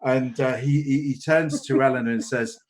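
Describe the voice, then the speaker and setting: A man's voice: mid-range voice, fairly even intonation, normal speed, darkish tone. A man running a tabletop horror game as game master, narrating in a hesitant way with many restarts. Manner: hesitant, lots of "kind of" and restarts.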